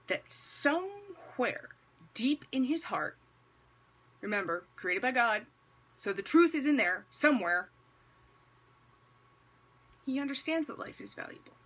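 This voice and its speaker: A woman with a husky, slightly breathy voice delivers casual commentary to her viewers. She keeps it wry and conversational, stacking rhetorical questions and dry, sarcastic asides around a religious point. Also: on the high side, fairly bright tone. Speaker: vlogger.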